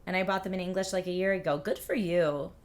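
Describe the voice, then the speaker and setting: A woman's voice: fairly low pitch, fairly even intonation, fast talker. A woman hosting a livestream, chatting casually and reading out viewer comments in an upbeat, rambling way. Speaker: livestream host.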